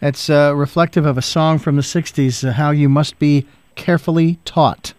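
A man's voice: fairly high pitch, fairly even intonation, moderate pace, darkish tone, dry recording. A male radio host who asks long, meandering questions with plenty of fillers. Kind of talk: casual interview.

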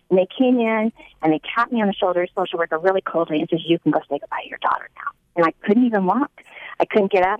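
A woman's voice: on the low side, no echo. Woman, earnest personal testimony, re-enacts dialogue, muffled lo-fi recording. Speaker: mother telling her story.

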